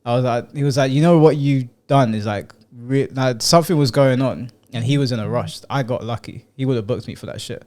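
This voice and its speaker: A man's voice: mid-range voice, fairly quick, hardly any pauses. A young man, co-hosting a podcast and telling stories bluntly and with lots of swearing. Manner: blunt, swearing, animated storytelling. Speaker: podcast co-host. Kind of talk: casual chat.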